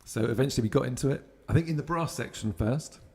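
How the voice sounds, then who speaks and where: A man from England talking as a guest musician in a casual interview. He tells his stories in a relaxed way and laughs easily. His voice sits in an ordinary middle pitch. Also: quick pace, creaky.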